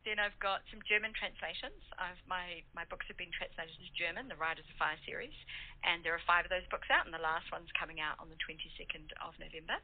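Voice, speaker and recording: Brief: New Zealand woman, lowish husky voice, bubbly author guest, laughs a lot, tinny phone-line sound. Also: fairly even intonation, quick pace. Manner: enthusiastic, laughs often, many fillers. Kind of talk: casual interview chat.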